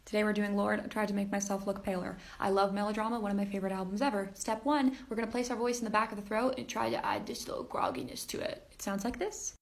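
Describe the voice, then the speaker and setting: A woman's voice: medium pitch, fairly even intonation, fast talker, vocal fry, hardly any pauses. A woman explaining step by step, in an upbeat and chatty way, how to sing like pop singers. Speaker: singer and impressionist. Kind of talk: casual singing tutorial.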